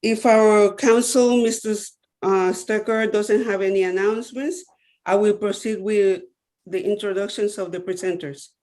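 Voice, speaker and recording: A board chair opens a public meeting and introduces the presenters. The delivery is procedural and courteous, with a medium pitch and occasional small restarts. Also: fairly even intonation, moderate pace, darkish tone. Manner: procedural, polite, slight stumbles.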